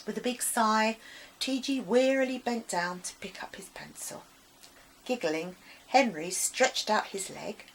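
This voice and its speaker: Expressive woman reading a children's story. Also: medium pitch, slight background noise, rough recording. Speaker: author reading her book.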